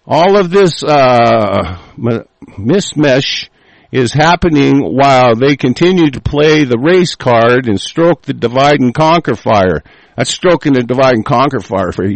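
A man hosting a show, reading aloud with halting fillers and breaking into profane, furious rants. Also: medium pitch, expressive, dry recording, poor audio. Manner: hesitant, many fillers while reading.

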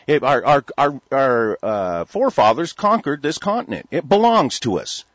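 Husky man in a heated, rambling rant. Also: medium pitch, very animated, moderate pace, a bit bright, no room sound. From United States. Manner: rambling, stammering restarts, profane. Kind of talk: heated talk-radio rant. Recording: dull lo-fi recording.

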